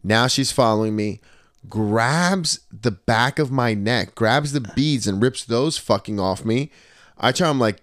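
Animated, profane man telling a story. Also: fairly low pitch, unhurried, no echo, clean studio sound. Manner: animated, profane storyteller who acts out quotes. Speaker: podcast host. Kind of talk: casual storytelling.

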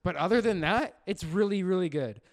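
A man putting on the voice of a cheesy drywall-store pitchman in a mock radio ad, with a folksy sales-pitch delivery. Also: a little fast. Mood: salesy.

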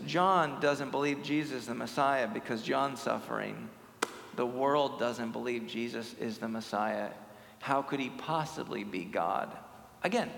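A man preaching a sermon as a pastor, impassioned, swinging from loud pleas to hushed lines. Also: medium pitch, vocal fry. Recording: echoey hall with faint music.

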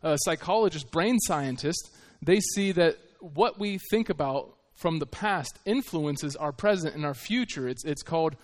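Man, missionary preacher, earnest, conversational sermon, halting, fairly high voice. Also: lively intonation.

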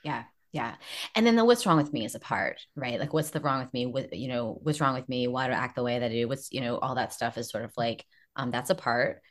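A woman therapist talking as a podcast guest, animated and acting out her own inner voices. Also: rumbling low, a little fast. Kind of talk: casual podcast chat.

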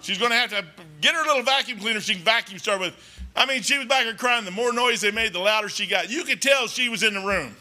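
A man's voice: high-pitched, fast talker, pushed and bright. A man preaching a folksy, rambling sermon in a church, talking emphatically and conversationally.

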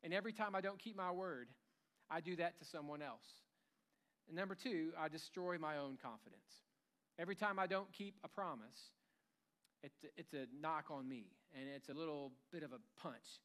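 A man's voice: fairly high pitch, moderate pace, fairly bright tone. A man preaching a sermon in a church, conversational and humorous, acting out bits of everyday dialogue. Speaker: pastor.

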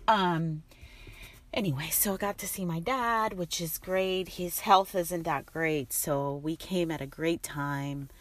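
A middle-aged woman talking in a soft, rambling, reflective way, with many fillers. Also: fairly low pitch, slow. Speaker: vlogger. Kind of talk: reflective casual monologue.

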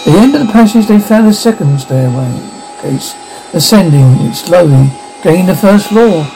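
A man narrating a story aloud in a steady reading manner, with small slips. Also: sits high, normal speed, creaky, soft background music, poor audio.

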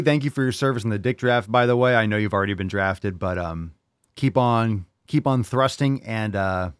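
Brash, joking male host, low voice, dry close sound. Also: clean tone, dry recording. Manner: brash, jokey, swears freely, bursts of loud enthusiasm. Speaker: podcast host answering listener questions. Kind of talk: casual fitness podcast chat.

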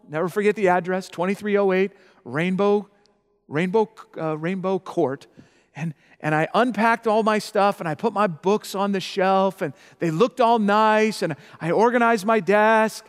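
Preaching at a normal speed in a high voice, a middle-aged man serves as pastor for this sermon. He repeats his points and checks in with listeners, asking "okay?" A long hall reverb is audible.

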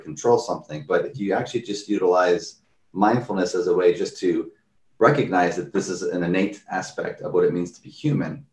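Recorded far from the mic in a reverberant space, a man whose voice sits low tells casual, everyday stories about mindfulness. He's an animated narrator who acts out the quoted reactions of the people involved.

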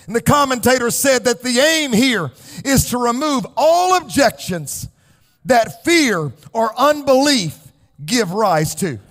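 A male pastor delivering an impassioned sermon, rising into shouts and sung, chanting cadences. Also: very high-pitched, lively intonation, slow. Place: church sanctuary.

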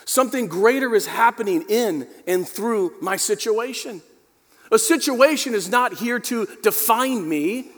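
A male pastor delivering a dynamic sermon, addressing the congregation directly and swinging from quiet, low passages to emphatic peaks. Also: expressive, unhurried. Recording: long hall reverb.

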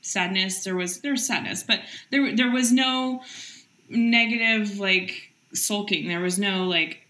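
Middle-aged woman guest, energetic and chatty, bright forceful tone, roomy echo. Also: medium pitch. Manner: energetic, quick, heavy use of "like" fillers. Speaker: entrepreneur guest. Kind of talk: casual interview chat.

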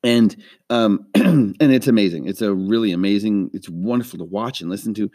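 Earnest rambling man, low mellow voice. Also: normal speed, no room sound, clean studio sound. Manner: rambling, earnest, many restarts. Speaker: podcast host. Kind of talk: casual faith-based movie talk.

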